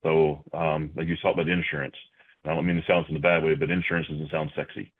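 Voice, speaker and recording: A man talking as a podcast guest in conversational interview answers, measured and full of "you know" and repeated words, heard over a tinny remote line. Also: extremely low pitch, little pitch movement.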